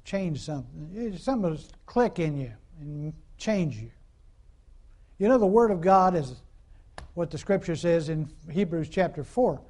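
A man's voice: a little high, lively intonation, unhurried, a little mellow. A man preaching a conversational sermon in a folksy, repetitive way, full of fillers and call-and-response asides.

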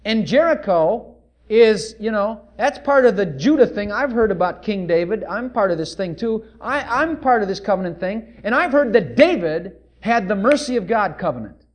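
Blind old beggar man, acted by a male preacher, shrill pleading cries, sermon story. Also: expressive, normal speed. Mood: musing.

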